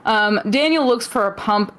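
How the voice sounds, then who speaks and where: A woman's voice: on the high side, normal speed, fairly bright tone, clear, resonant tone, low-quality recording. Female podcast co-host, casual recap voice, teasing and dogged. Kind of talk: casual chat and match recap.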